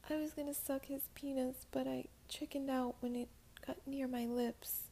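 A woman putting on a scared young college girl, her voice pitched up high and quivering with fear. She pleads in small, shaky phrases, often dropping to a whisper in this whispered storytelling. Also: level tone, normal speed, dark tone. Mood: timid confession.

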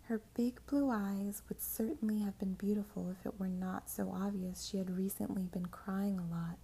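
A woman reading a first-person story aloud in a soft, mostly whispered narration. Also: mid-range voice, steady tone, moderate pace, vocal fry, a little hiss or hum.

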